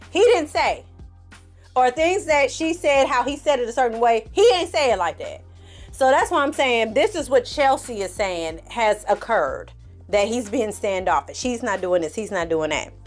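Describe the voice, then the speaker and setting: Sassy, candid woman host reviewing TV, on the higher side, playful asides to viewers, faint music underneath. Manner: sassy, animated, acts out quotes from the show; candid, addresses viewers as y'all. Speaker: TV recap reviewer. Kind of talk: casual commentary recap.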